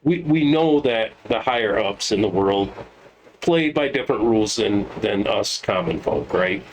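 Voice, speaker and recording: A man's voice: lowish voice, expressive, unhurried, slight background noise. A man co-hosting a podcast, talking politics in a heated, profane way with emphatic outbursts. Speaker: podcast co-host. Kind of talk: casual political chat.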